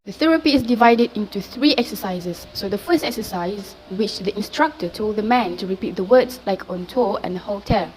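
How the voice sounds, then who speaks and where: A woman student reads a class presentation aloud in a steady, explanatory way. A faint hiss of background noise sits behind her voice. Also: mid-range voice, moderate pace, few pauses, poor audio. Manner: steady explanatory reading, frequent "so".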